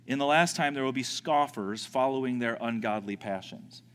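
A man preaching a sermon, animated, often repeating words and acting out panicked voices. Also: medium pitch, moderate pace, in a large hall, a little hiss or hum. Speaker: pastor.

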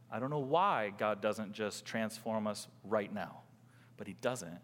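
A pastor preaching a sermon with emphasis, throwing rhetorical questions at the congregation. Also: male voice, fairly low pitch, measured pace, fairly bright tone, big-room sound.

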